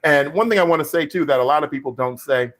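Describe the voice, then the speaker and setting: A man's voice: on the high side, quick pace, a bit bright. A middle-aged man hosting a live stream Q&A about acting, talking casually with many fillers and restarts as he tells stories and gives advice. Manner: rambling storyteller, frequent fillers and restarts. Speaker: live stream host, actor. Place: home studio.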